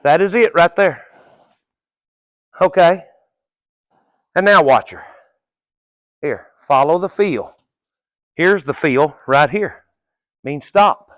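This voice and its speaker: High-voiced, unhurried folksy horse trainer man. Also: animated, dry recording. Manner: folksy, coaching, casual swearing. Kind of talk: live training-session instruction.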